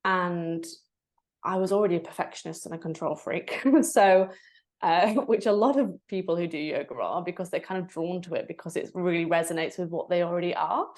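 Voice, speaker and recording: A woman's voice: fairly low pitch, fairly quick. A woman, a breathwork facilitator, candidly telling her personal story in a podcast interview and bringing quoted moments to life. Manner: candid, reflective, with animated quoted asides.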